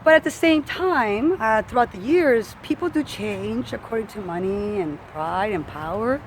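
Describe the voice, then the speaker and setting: A woman's voice: fairly high pitch, measured pace, slight background noise, rough recording. A woman fitness coach telling a personal story in casual talk, acting out what others said. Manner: animated, acts out quoted voices.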